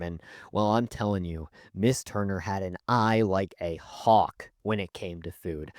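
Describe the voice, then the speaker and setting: Lively man telling a story. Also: mid-range voice, no echo, studio quality. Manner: animated, conversational, wry. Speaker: storytelling youtuber. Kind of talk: animated storytime narration.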